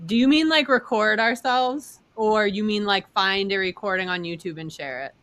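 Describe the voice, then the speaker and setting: A woman's voice: mid-range voice, a little fast, fairly bright tone, no echo. A woman in a casual meeting over a video call, asking questions and chatting with fillers.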